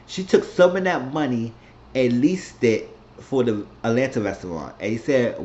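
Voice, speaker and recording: A man's voice: medium pitch, lively intonation, moderate pace, a little mellow, slight background noise. A man casually recapping a TV season finale in a loose, rambling way, often restarting his sentences. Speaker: TV show recapper. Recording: roomy, dull lo-fi recording.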